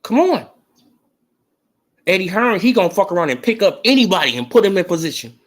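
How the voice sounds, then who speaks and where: Fired-up, profane boxing talk host. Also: male voice, high voice, very animated, fairly quick. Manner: emphatic, profane, slangy, fired-up. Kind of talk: casual opinionated sports talk.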